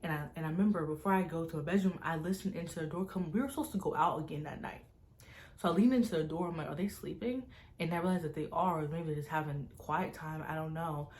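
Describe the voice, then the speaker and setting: A young woman, a vlogger, recounting a personal story to camera in an animated, tense way, full of fillers. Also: low-pitched, quick pace. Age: young adult. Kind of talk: casual storytime vlog.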